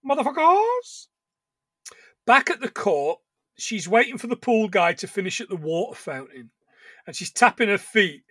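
A man co-hosting a podcast in a high, bright voice. He recaps a film with a lot of swearing and jokey asides. The sound is close and dry. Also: expressive, normal speed, slightly rough, no room sound. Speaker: podcast co-host. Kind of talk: casual film recap chat.

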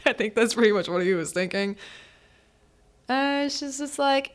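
A woman hosting a podcast, chatting casually through a movie recap, full of "like" fillers and quick asides. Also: expressive. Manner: acts out characters' lines with pitch swings. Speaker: podcast host.

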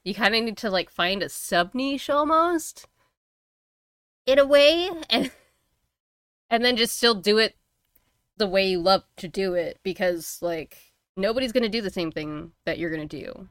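A woman's voice: medium pitch, animated, a little slow, pauses often, a bit bright, smooth, no echo. A woman co-hosting a casual podcast, chatty and blunt, laughing easily and swearing. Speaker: co-host and streamer.

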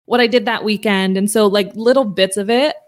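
A woman's voice: mid-range voice, fairly even intonation, a little fast. A young woman, a guest on a podcast, talking casually and often saying "like" as she explains. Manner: chatty, uses "like" often, mimics voices in quotes. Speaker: podcast guest, online educator. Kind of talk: casual interview talk.

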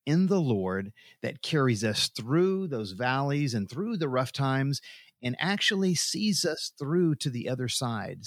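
An earnest man hosts a faith talk show and leads into the next topic with gentle, reflective phrasing. His voice sits in an everyday middle range. It sounds dry and close, with no room echo. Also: medium pitch. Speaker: host.

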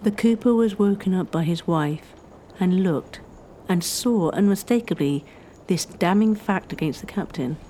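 A woman narrating a historical story in a measured, scripted storytelling style. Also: on the low side, animated, mellow, slight background noise.

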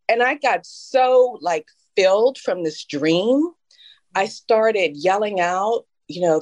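A woman's voice: medium pitch, lively intonation, slow, no room sound. A woman in her fifties co-hosting a podcast, telling a personal story in a heartfelt, emotional way. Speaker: podcast co-host. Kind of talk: casual conversational podcast.

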